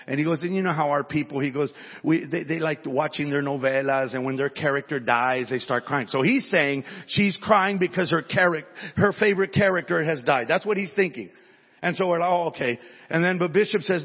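Speaking a little fast, with a fairly high pitch and a breathy edge, a male pastor relates a story in his sermon. He talks conversationally and tends to open sentences with repeated words. Long hall reverb trails over a dull-sounding recording.

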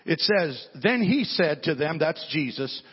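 A man's voice: a little high, very animated, a little slow, breathy edge. A male pastor telling a story in his sermon, in a conversational way that often repeats words at the start of sentences. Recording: dull sound with long hall reverb.

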